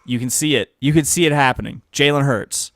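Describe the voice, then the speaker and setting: A man's voice: medium pitch, brisk, a bit bright, no room sound, clean studio sound. A man co-hosting a casual sports betting podcast, joking and quizzing his co-host as he reads out his picks.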